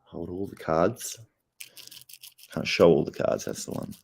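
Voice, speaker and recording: Very deep-voiced stoned Australian man. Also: lively intonation, unhurried, gravelly, darkish tone, a little hiss or hum. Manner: rambling, heavy swearing, laid-back. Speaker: streamer. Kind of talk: casual livestream chat.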